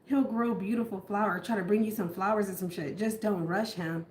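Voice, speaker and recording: A woman's voice: mid-range voice, steady tone, fairly quick, few pauses, darkish tone, slight background noise. Blunt, profane woman tarot reader. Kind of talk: casual tarot reading. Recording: roomy echo.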